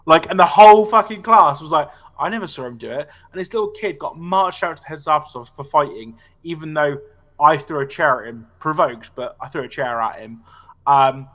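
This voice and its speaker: Bright-voiced man telling stories, swearing. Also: fairly high pitch, moderate pace. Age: 20s. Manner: animated, sweary anecdote telling with frequent "right?" tag questions. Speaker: podcast host. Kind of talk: casual storytelling chat.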